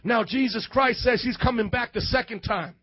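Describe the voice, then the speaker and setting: High-voiced fiery Midwestern preacher. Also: male voice, normal speed, dull audio. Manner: preaching with shouted, sing-song outbursts. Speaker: youth pastor. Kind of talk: fiery sermon. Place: church hall before a youth congregation.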